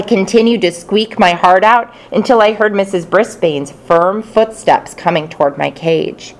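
A woman narrating a children's storybook in the first person, expressive and playful. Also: medium pitch, unhurried, few pauses. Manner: expressive, playful character voices. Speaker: audiobook narrator.

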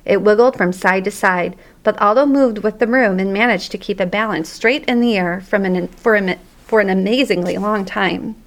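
A woman narrating a children's story aloud in a lively, expressive way. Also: mid-range voice, moderate pace, few pauses.

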